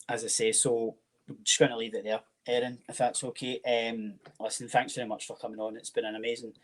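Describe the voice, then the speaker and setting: Low, even-toned Scottish host. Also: male voice, low-quality recording. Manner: friendly, often repeats "as I say". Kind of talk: casual interview hosting.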